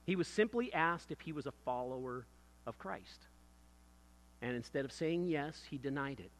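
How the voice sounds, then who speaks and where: A man preaching a sermon, opening with a self-deprecating personal story before moving into quieter reflection. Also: mid-range voice, expressive, normal speed.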